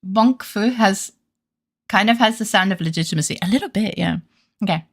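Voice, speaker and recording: A woman's voice: medium pitch, normal speed. A woman streamer in casual live-stream chat, giggly and chatty and swearing freely.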